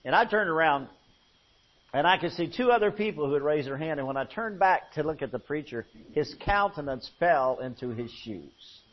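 Preacher guy telling a story in his sermon, kinda high voice, goes quiet then loud, muffled old recording. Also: lively intonation, moderate pace. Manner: folksy storytelling with swings from hushed to loud. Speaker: pastor.

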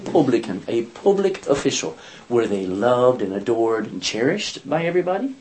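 A man's voice: medium pitch, big pitch swings, normal speed, a little mellow, poor audio. A man teaching a Bible study, asking his listeners questions and acting out scripture quotes in character voices.

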